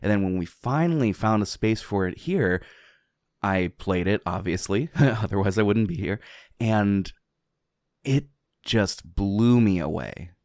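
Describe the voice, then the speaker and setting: A man's voice: lowish voice, animated, unhurried, darkish tone, no echo, studio quality. A man from southwestern Pennsylvania co-hosting a casual podcast, enthusiastic, laughing often and rambling into asides. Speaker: podcast co-host.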